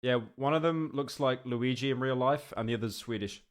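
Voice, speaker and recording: A man's voice: mid-range voice, brisk. A man streaming, riffing on a video with loose, sarcastic live reaction commentary.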